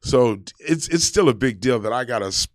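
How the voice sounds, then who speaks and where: A man in casual conversation, an army veteran telling his stories in an animated way and acting out the shouted lines of the people in them. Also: medium pitch, brisk, no echo, clean studio sound. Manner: animated storyteller, acts out quoted shouts. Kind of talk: casual storytelling chat.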